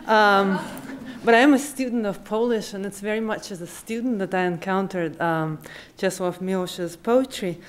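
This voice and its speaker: A woman with a Russian accent, an assistant professor who introduces and reads a poem aloud at a public event, hesitant in her asides and measured once she reads. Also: medium pitch, a little hiss or hum. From Uzbekistan. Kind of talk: poetry reading at a public event.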